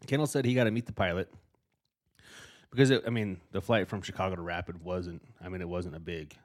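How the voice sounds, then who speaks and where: Profane storytelling man, low voice. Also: a little fast. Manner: profane, animated storytelling, acting out quotes. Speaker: podcast co-host. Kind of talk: casual chat.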